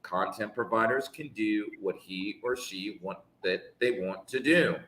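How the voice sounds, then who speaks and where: Emphatic man, echoey bright voice. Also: fairly low pitch, measured pace. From United States. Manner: emphatic, preachy, rhetorical questions. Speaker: English teacher, co-host. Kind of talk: live conversational discussion.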